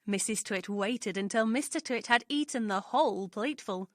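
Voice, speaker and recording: A woman narrating a children's story, reading aloud clearly and expressively. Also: mid-range voice, moderate pace, a bit bright, no echo, clean studio sound.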